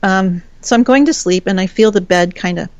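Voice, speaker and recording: A woman's voice: mid-range voice, fairly quick, no echo, dull audio. A woman guest telling a personal story in a frank, chatty way, swearing casually. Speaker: podcast guest.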